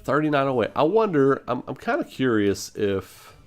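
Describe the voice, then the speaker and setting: A man's voice: mid-range voice, big pitch swings, normal speed. A man casually chatting on a live stream, reading viewers' comments and answering them by name. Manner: chatty, reads chat aloud and answers viewers.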